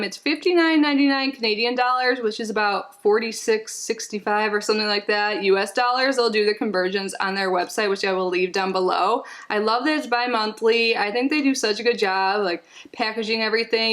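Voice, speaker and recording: A woman's voice: fairly high pitch, fairly bright tone. A woman vlogger sitting on the floor at home, chatting casually as she unboxes a package, rambling and giggling with lots of "like"s.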